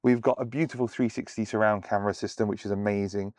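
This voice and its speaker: A man's voice: fairly low pitch, fairly even intonation, fast talker, darkish tone, no room sound. A man reviewing a car from inside it, talking enthusiastically and full of praise. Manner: gushing, superlative-heavy.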